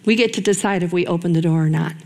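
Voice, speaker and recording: A middle-aged woman preaching a sermon to a women's ministry group, earnest and personal, with dramatic pauses and a lively delivery. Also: lowish voice.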